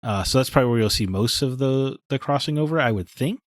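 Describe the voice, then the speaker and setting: A man's voice: mid-range voice, fast talker, dry recording, clean studio sound. A man co-hosting a gaming podcast, talking in blunt, opinionated casual chat. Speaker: podcast co-host.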